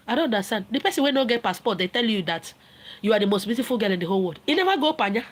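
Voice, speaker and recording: A high-voiced middle-aged woman with a Nigerian accent talks casually on a livestream. She is animated and laughs often, mixing Pidgin and Igbo into her talk and acting out what people say. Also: racing. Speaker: livestream host.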